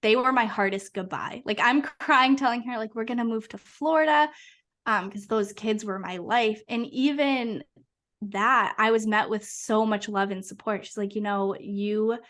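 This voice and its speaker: A young woman from Massachusetts, a podcast guest, telling her story in an earnest, animated, casual way. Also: on the high side, normal speed. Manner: earnest, animated, uses many fillers. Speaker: podcast guest, hypnotherapist and coach.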